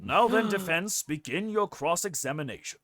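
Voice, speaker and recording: A man voicing a stern judge who presides over a trial in formal, measured pronouncements. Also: on the high side, lively intonation, a bit bright, soft background music. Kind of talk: voicing a character in a game playthrough.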